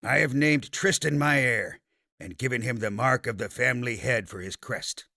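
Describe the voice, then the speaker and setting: A stern aged dragon-slayer patriarch, voiced by a male narrator in a fantasy audiobook. He speaks slowly and with unbending command, in a middling male pitch. The sound is close and dry. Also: vocal fry, bright, forceful tone, dry recording. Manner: commanding, slow and firm.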